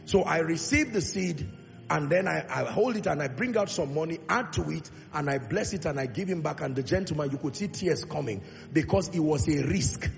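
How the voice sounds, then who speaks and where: A man preaching a sermon in a church, calling for congregation responses and swelling to loud, emphatic peaks, drawing out key words slowly. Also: a little high, lively intonation, vocal fry. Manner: drawn-out, slow emphatic delivery on key points. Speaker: pastor. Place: large church hall. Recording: long hall reverb with faint music.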